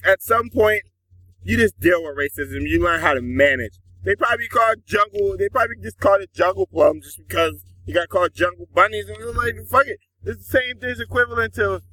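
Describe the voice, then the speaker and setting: Relaxed male co-host, high bright voice, casual chat. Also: brisk, rough recording. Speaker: podcast co-host.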